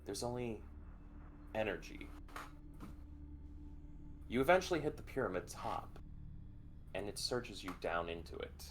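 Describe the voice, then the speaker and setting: A man narrating a tabletop game as game master, vivid and expressive, with some swearing. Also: lowish voice, unhurried, long pauses, slight background noise.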